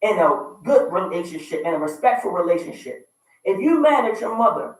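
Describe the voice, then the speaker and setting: Emphatic high-voiced man in echoey room. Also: big pitch swings, fairly quick. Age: 30s. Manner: emphatic, repetitive, raises voice to make points. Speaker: radio show host. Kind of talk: opinionated relationship talk. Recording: very echoey room, distant mic.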